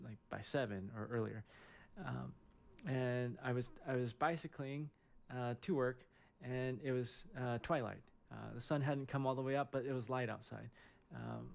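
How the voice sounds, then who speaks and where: A middle-aged surgeon tells a personal story casually and haltingly, with lots of fillers and restarts. His mid-range voice is gravelly yet a little mellow.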